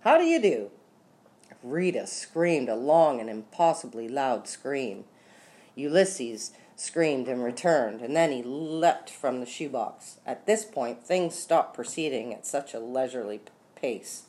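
A woman narrating an audiobook story with expressive, lively delivery and slowed dramatic beats. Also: extremely low pitch. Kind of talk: scripted narration.

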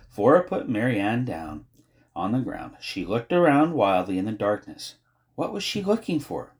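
A man narrating an audiobook in an expressive, measured storytelling manner. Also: lowish voice.

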